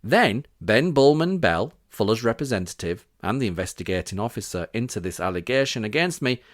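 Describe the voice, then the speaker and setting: A man's voice: on the low side, expressive, a little fast, dry recording, studio quality. A man from Britain hosting a scripted podcast, reading out witness quotes with sarcastic, indignant asides. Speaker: podcast host.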